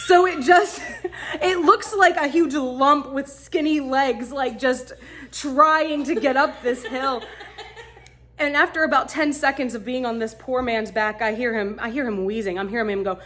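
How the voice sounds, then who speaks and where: A woman casually telling a funny travel story, animated and laughing as she acts out what people said. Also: on the high side, moderate pace. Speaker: vlogger.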